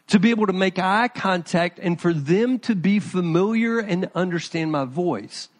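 A man's voice: high voice, expressive, normal speed. A middle-aged man, a pastor, preaching a conversational sermon and talking to his congregation by name.

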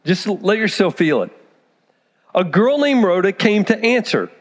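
Brief: high-pitched male pastor, animated sermon storytelling, long reverb of a church hall. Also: measured pace. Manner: animated storytelling, acts out characters.

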